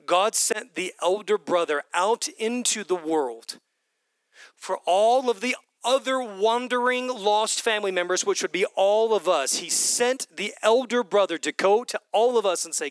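A man preaching a sermon with passion, repeating phrases and swinging from loud calls down to whispers. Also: sits high, moderate pace, smooth, no room sound.

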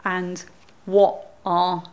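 A woman's voice: lowish voice, level tone, extremely slow. Female worship leader, informal, talks with the congregation. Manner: informal, chatty address to the congregation. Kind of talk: leading a church service.

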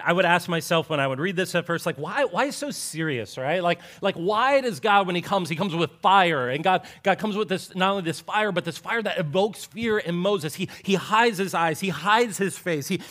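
Earnest man preaching, fairly high voice. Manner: earnest, repeats words, drops low and soft for emphasis; playful asides with joking voices. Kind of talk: sermon.

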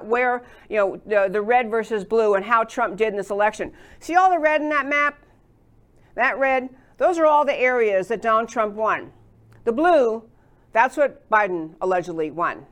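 A woman's voice: a little high, moderate pace, fairly bright tone. A woman hosting a political talk show, giving indignant, emphatic commentary between clips. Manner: indignant, emphatic, lists grievances.

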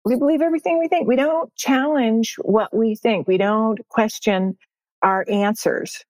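Upbeat woman coach, emphatic and bright. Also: on the high side, no room sound. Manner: upbeat, emphatic, repeats key phrases. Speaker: success coach guest. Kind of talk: podcast interview.

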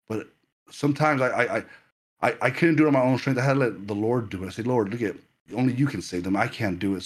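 A man preaching a sermon to a livestream audience, earnest and full of stammered repetitions. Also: medium pitch.

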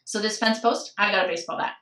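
A woman's voice: medium pitch, quick pace, a bit bright, recorded from a distance. Candid woman in a roomy echo. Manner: candid, reflective, tearful at times. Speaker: guest sharing a personal story. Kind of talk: emotional personal storytelling.

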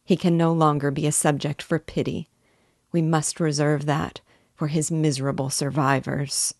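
A woman voicing a gentle, grieving young man who comforts his friend, read with tender sorrow. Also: low-pitched, little pitch movement, moderate pace, dry recording, clean studio sound. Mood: mournful.

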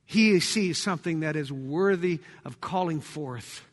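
A man preaching a sermon to his congregation, dramatic, swinging between loud cries and hushed tones. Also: a little high, measured pace. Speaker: pastor. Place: church sanctuary. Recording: long church hall reverb.

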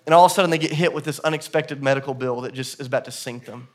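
A male pastor preaching a sermon in a church service, telling stories that swing from hushed to loud and emphatic. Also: medium pitch, very fast.

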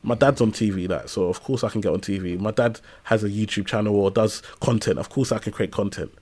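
A man in his thirties, a podcast guest who tells lively stories in casual slang. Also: fairly low pitch, brisk. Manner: animated storytelling with casual slang. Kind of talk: casual conversational interview.

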